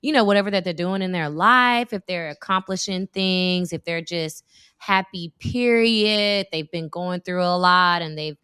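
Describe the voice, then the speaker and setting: A woman's voice: fairly low pitch, a little slow, clear, resonant tone, no room sound, clean studio sound. A woman in her thirties, a guest in a casual chat, telling stories with lots of acted-out quotes. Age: 30s. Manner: animated storyteller, acts out quotes.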